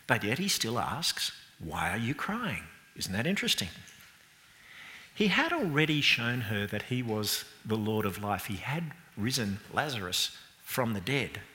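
Lively male preacher in a reverberant church. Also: lowish voice, measured pace. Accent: British English. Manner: lively, conversational preaching with questions to the congregation. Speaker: pastor. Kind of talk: sermon. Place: church hall. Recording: long reverb from a church hall.

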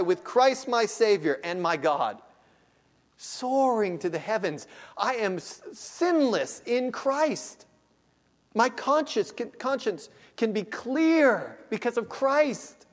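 A male pastor with a high voice delivers a sermon that swings between quiet, hushed asides and loud, drawn-out, climbing exclamations. His voice rings out with a long reverb in a church sanctuary. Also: sing-song.

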